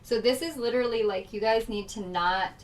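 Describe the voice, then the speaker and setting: A woman's voice: on the high side, brisk, recorded from a distance, a little hiss or hum. A woman doing a casual tarot reading, chatty and emotional, with frequent laughs and fillers. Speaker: tarot reader.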